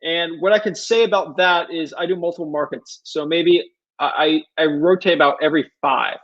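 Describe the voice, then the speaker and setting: On a live video call, a male host chats casually with viewers, answering their questions while struggling with connection problems. His voice is fairly high and lo-fi, his pace moderate, and his manner relaxed, with apologies for the tech trouble.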